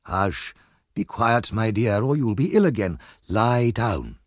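A man reading the part of a kind, motherly old housekeeper woman who speaks in a gentle, soothing way. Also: medium pitch, very animated, normal speed, no echo, clean studio sound. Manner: soothing, kindly.

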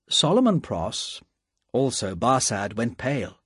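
A man narrating a story with a slow, expressive reading. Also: medium pitch, slightly rough, no room sound, studio quality.

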